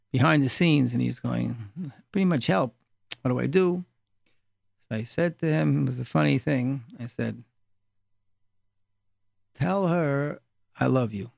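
A man with a heavily gravelly, fry-laden voice gives a relaxed Torah class, weaving in anecdotes and hammering home a refrain by repeating it. His voice sits a little high for a man. The sound is close and completely dry, with no room around it. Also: no room sound. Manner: storytelling, repeats key phrases for emphasis. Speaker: rabbi.

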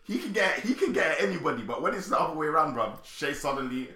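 Brief: teasing young man, high voice, echoey room. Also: expressive, quick pace, crowd noise. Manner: teasing, mocking, laughs a lot. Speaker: podcast co-host. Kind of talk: casual banter.

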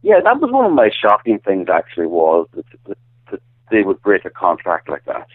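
A man's voice: sits low, wildly swooping pitch, normal speed. A man with an Irish accent, a guest calling in to an interview, talking earnestly and often stumbling and repeating words. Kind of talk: phone-in interview. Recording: tinny phone line.

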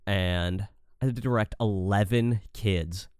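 A man co-hosting a podcast in casual chat, animated and profane, acting out quotes as he talks about directing. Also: on the low side, measured pace, clean tone, no room sound, studio quality. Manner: animated, swears a lot, acts out quotes.

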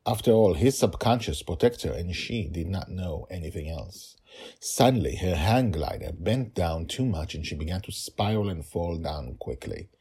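A man, the author, reading his own story podcast with hurried, chatty asides. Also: low-pitched, animated, mellow, slightly rough. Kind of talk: storybook narration with casual asides.

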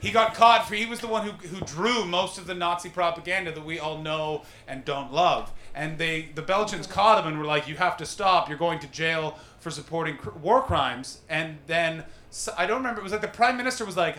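A man in his thirties doing a stand-up comedy set, telling animated stories and teasing the crowd. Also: a little high, brisk, few pauses. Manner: animated storytelling, mocking crowd work with put-on voices. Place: comedy venue with live audience. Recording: roomy live venue echo.

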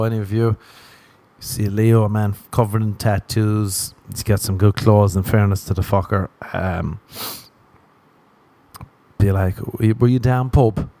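A man's voice: on the low side, warm tone. A man hosting a solo podcast in a casual, rambling way, joking, swearing and laughing at his own tangents. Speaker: podcast host.

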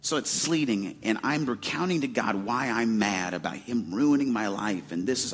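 A man's voice: on the low side, lively intonation, normal speed, hardly any pauses, faint music behind. A man in his forties from Arizona, preaching a sermon in a casual, conversational way with many fillers. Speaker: pastor.

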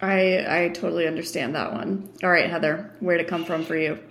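A woman's voice: lowish voice, steady tone, a little fast, a bit bright. Woman podcast host in an echoey room. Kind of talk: casual podcast chat.

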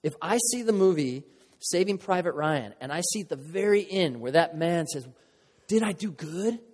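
A man delivers a sermon to his congregation in an earnest, conversational way, mixing emotion with playful asides. His voice sits slightly high. Long reverb from a large hall trails behind his words. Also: expressive, moderate pace, darkish tone. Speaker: pastor.

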